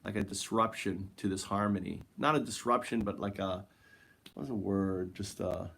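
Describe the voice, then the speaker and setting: A man hosting a casual spiritual monologue, rambling and searching for words with many fillers, drifting quieter and slower at times. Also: low-pitched, steady tone, gravelly, a little hiss or hum. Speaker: host.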